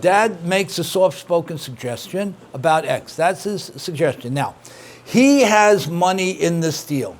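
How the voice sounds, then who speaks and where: A man's voice: fairly high pitch, animated, measured pace. A middle-aged man, a rabbi teaching an interactive class, who repeats his points and praises his students' answers.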